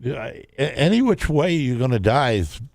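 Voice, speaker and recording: A man's voice: medium pitch, very animated, moderate pace, creaky, darkish tone, no room sound. A man, telling a long story on a radio talk show, rambling and restarting often.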